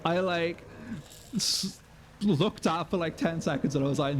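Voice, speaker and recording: A man's voice: high voice, expressive, normal speed, slight background noise. A man streaming a game live, chatting with viewers, sweary and self-mocking. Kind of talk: live gameplay commentary.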